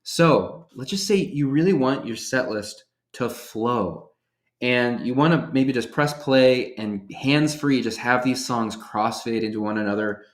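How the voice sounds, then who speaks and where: A man presenting a workshop, walking through software features step by step in an upbeat, casual way. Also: medium pitch, reverberant. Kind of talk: software tutorial demonstration.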